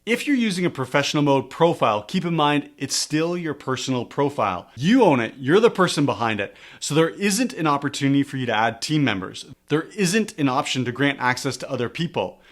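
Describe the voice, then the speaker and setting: A man talks quickly through a screen-recorded tutorial and leans on repeated phrases for emphasis. His pitch sits in a middle range and his delivery stays clear and instructive. He sounds close to the mic. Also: lively intonation, fairly bright tone. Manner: emphatic, repeats key words for stress. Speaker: coach explaining social media marketing.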